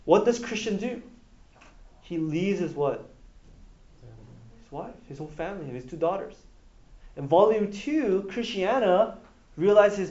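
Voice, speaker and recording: A high-voiced man preaches to a gathered group and keeps asking them to call out the end of each verse. The recording is dull and lo-fi, and the room echoes around him. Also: a little slow, pauses often. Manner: call-and-response, animated, asks the room to finish verses. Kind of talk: sermon.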